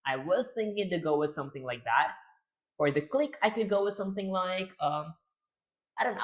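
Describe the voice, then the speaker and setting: A man's voice: high voice, animated, a little fast. A man on a casual livestream, rambling to himself and to chat as he builds a game. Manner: rambling, talks to himself while working. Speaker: streamer and game developer.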